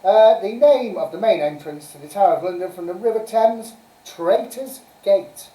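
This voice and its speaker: During a homespun online pub quiz streamed live, the host chats freely and giggles between answers while announcing answers and scores. She has a mellow, medium-pitched voice at normal speed, heard from a distance in an echoey room.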